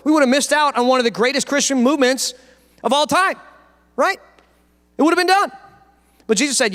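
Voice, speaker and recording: High-voiced casual male pastor in reverb. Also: lively intonation, quick pace, fairly bright tone. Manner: casual, joking, acts out quotes. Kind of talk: sermon. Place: church sanctuary. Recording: long church reverb.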